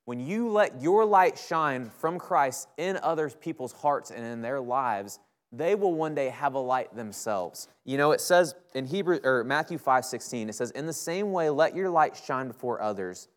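A young male preacher speaking to a campus group. His delivery is conversational and sincere, and he often checks in with his listeners. His voice sits at an ordinary middle pitch. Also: expressive, normal speed. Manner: conversational, earnest, keeps asking "right?". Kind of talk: sermon.

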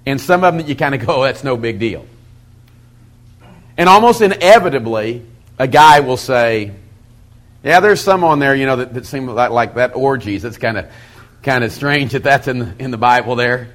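Man, middle-aged, pastor, sermon-style teaching, folksy, animated, medium pitch. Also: normal speed. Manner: folksy, animated storytelling with quoted asides. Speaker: pastor teaching a Bible study method.

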